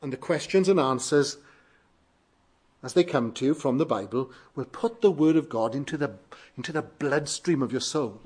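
A man's voice: medium pitch, moderate pace, a little mellow, husky. A male preacher giving a sermon, emphatic, repeating phrases with shifting stress.

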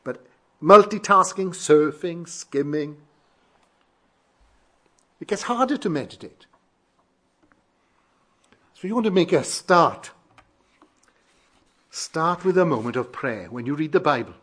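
Husky man preaching with lively emphasis. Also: fairly high pitch, slow, pauses often. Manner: emphatic, repeats phrases with shifting stress. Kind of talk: sermon.

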